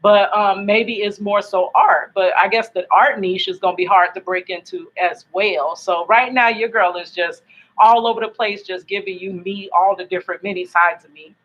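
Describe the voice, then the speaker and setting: A chatty woman vlogger talks to her viewers from home at night, wandering from thought to thought and laughing easily. Her voice sits at a middling pitch. It comes through a laptop's built-in mic, so the sound is dull and lo-fi. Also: fairly even intonation, moderate pace, fairly bright tone. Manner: rambling, chatty, laughs often. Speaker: YouTube vlogger. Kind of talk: casual chat to camera.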